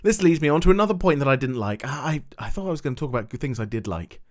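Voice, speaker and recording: A man rambles through a TV episode recap in a loose, animated way. He swears freely and keeps circling back with filler words. His voice sits at an ordinary middle pitch. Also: racing. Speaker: YouTube TV reviewer.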